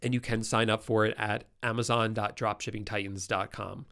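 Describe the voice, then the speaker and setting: A man's voice: fairly low pitch, flat delivery, moderate pace, vocal fry, a bit bright. A man with a congested, nasal voice from a cold, hosting a casual live-stream Q&A and answering viewer questions in a chatty way.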